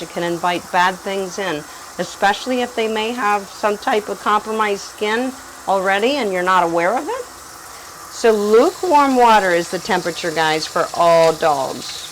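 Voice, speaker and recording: A professional pet groomer, a woman, explaining dog grooming in a calm teaching manner and coaxing the dog softly. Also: mid-range voice, a little hiss or hum. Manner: calm instructive talk to viewers, soft coaxing to the dog.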